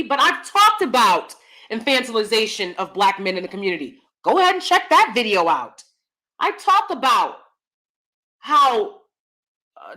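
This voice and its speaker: A woman from the United States hosting a livestream, talking in an emphatic, fiery, animated way and reading out super chats. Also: high voice. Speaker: host.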